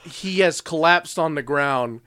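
Speaking on the high side with a crowd audible behind him, a man co-hosts a casual podcast chat. He is laid-back, recapping an episode with quick asides and lines quoted from it.

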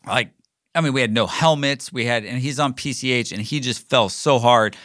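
Here a middle-aged host tells a casual, rambling story on his own podcast, full of fillers and restarts, recorded by himself. His mid-range voice is fairly bright at normal speed, and the studio recording is dry and clean.

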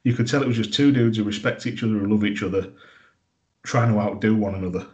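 Low-voiced man in relaxed chat. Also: quick pace, dull audio. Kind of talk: casual chat.

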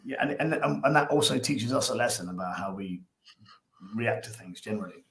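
A man's voice: fairly low pitch, animated, brisk, vocal fry, fairly bright tone. Rambling Irish man in an echoey room. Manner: rambling, repeats words, acts out scenes. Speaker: guest, dog behaviour coach. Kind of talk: casual podcast chat.

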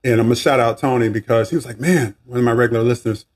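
A man's voice: fast talker, few pauses, breathy edge. A man with a Southern accent hosting a faith podcast, talking casually and preachily, with restarts, asides and a voice that rises and falls a lot. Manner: preachy, animated, swinging pitch, asides and restarts. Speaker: podcast host.

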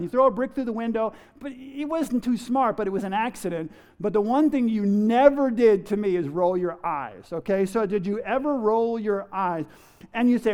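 A man's voice: high voice, animated, normal speed, a little mellow. A man preaching a sermon, firing rhetorical questions at his listeners and playfully acting out everyday remarks. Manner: fires rhetorical questions at the audience; playful, acts out everyday quotes, chuckles.

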